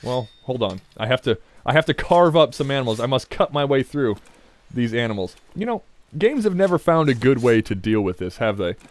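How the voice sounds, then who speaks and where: Brisk and sing-song, a man in a mid-range voice provides casual gameplay commentary as a let's play gamer. He jokes, rambles, laughs often and talks to the game, teasing characters and tossing out offhand remarks between action sequences.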